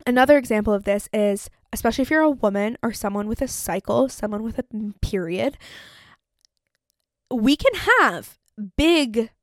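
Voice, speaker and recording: This young podcaster, hosting solo, chats away with plenty of "like" fillers and acts out what's going on in her head. Her voice is on the high side with lively intonation at normal speed, in studio quality with no room sound.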